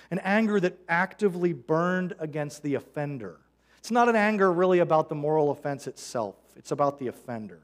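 A man preaching a sermon as a pastor, earnest and conversational, quoting scripture. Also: fairly high pitch. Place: church sanctuary.

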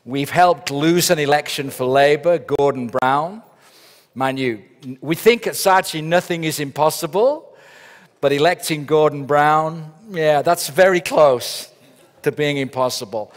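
A man's voice: a little high, measured pace. Joking middle-aged man in a reverberant hall. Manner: joking, storytelling with punchlines. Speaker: keynote speaker. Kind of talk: humorous conference keynote. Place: large conference hall. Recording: long reverb of a large hall.

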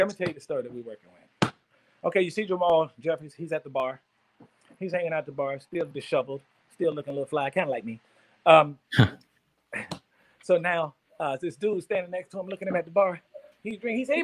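A man in his fifties, a guest actor, telling a story in an animated, profane way, laughing as he goes. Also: a little high, a little fast, pauses often, rough recording. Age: 50s.

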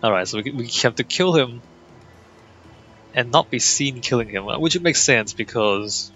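A man's voice: mid-range voice, lively intonation, measured pace, sharp tone, lo-fi sound, faint music behind. A man giving wry, chatty commentary while playing a video game, thinking aloud. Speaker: gameplay commentator. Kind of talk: casual let's play commentary.

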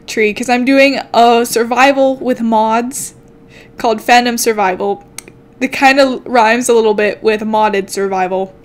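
A woman's voice: fairly high pitch, a little slow, pauses often. A young woman chatting playfully to herself while commenting on her game as a channel host. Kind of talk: casual gameplay commentary.

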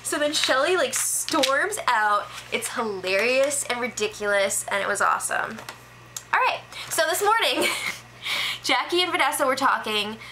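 Woman, casual recap host, chatty, filler-heavy, slightly high, bright forceful tone. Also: animated, slight background noise, rough recording. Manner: chatty, filler-heavy, quick impressions of people she quotes. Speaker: reality show recap host.

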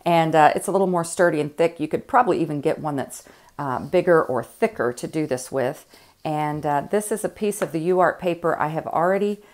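Southern lady doing a chatty art tutorial, kinda low voice, lots of ums and restarts. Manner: chatty, folksy, many fillers and restarts. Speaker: art instructor. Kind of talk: casual demonstration tutorial.

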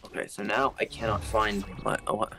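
A man's voice: lowish voice, flat delivery, a little fast, gravelly. Teasing young man chatting on stream. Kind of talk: casual chat while gaming on stream. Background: music.

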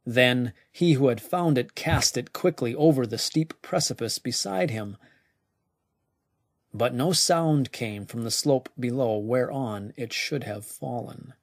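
A man narrating a weird tale slowly and deliberately, his voice dropping now and then to a hushed near-whisper. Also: medium pitch, dry recording, clean studio sound. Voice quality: gravelly. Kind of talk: slow scripted story narration.

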